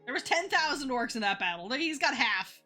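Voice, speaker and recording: High-pitched, expressive, bright, and forceful, this woman's voice comes with faint music behind it. She's streaming while she draws, rambling casually, giggling between ideas, and imitating what others said in quick playful voices.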